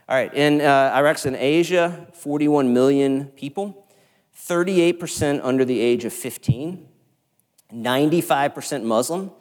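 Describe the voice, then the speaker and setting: A male pastor preaching a sermon in an earnest, conversational way, with rhetorical questions. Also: mid-range voice. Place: church sanctuary. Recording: church hall with long reverb.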